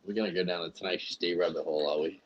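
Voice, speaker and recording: A man's voice: low-pitched, fairly even intonation, rapid-fire, husky. A man co-hosting a casual livestream chat, joking and swearing freely. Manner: joking, swears freely, slips into silly put-on accents. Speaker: livestream co-host. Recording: dull lo-fi stream audio.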